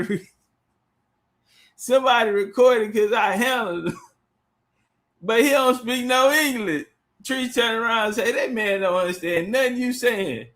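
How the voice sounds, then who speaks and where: A man telling a story in a casual, animated, profane way, laughing often as he goes. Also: extremely high pitch.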